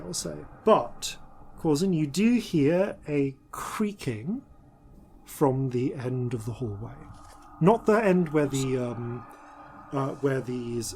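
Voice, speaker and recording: A man's voice: mid-range voice, a little mellow, a little hiss or hum. A man serving as dungeon master, narrating a tabletop game with frequent ums and self-corrections.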